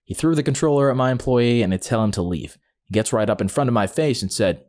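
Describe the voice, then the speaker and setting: A man narrating a string of short first-person stories in a steady, scripted reading. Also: on the low side, brisk, slight background noise.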